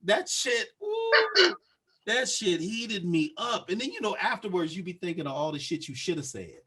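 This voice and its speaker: A man co-hosting a podcast, telling a story in casual chat, profane and animated as he acts out the other people's lines. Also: sits high, normal speed, husky. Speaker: podcast co-host.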